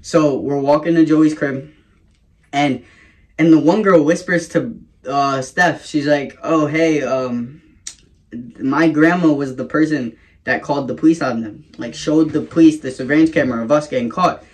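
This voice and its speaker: Young man vlogger, casual storyteller, slightly high voice, swears freely. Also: normal speed. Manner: casual, profane, rambling with laughs.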